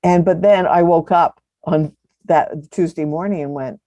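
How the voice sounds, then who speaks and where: Chatty woman in her seventies, warm tone. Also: sits low, unhurried, no echo. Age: 70s. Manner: chatty storyteller, laughs often. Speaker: podcast guest. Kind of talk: casual interview chat.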